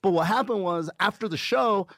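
A man in his fifties from the Los Angeles area, a comedian telling animated, profane stories as a podcast guest. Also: sits high, normal speed, dry recording, studio quality. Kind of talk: casual podcast storytelling.

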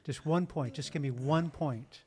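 A man's voice: fairly high pitch, measured pace, mellow, a little hiss or hum. A man making wry jokes in casual chat. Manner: wry, joking.

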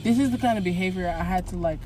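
A woman's voice: on the low side, fast talker. A woman chatting and telling stories casually in a moving car. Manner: chatty, lively storyteller. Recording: noisy car interior.

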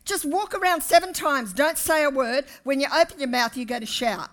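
Woman pastor, fairly high voice, fervent sermon delivery, calls out to the congregation. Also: brisk. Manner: animated preaching, rising to loud emphasis, addressing the congregation. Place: church.

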